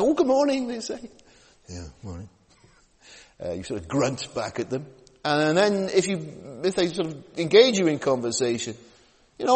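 This sermon comes from a male preacher speaking conversationally in a church hall with a long echo. He keeps restarting after stumbles, tosses tag questions to his listeners, and his pitch rises and falls animatedly.

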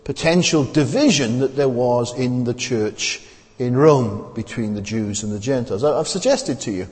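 A man preaching a sermon in a conversational way, pausing often with fillers and restarts. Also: mid-range voice, darkish tone. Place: church. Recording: long reverb of a church hall.

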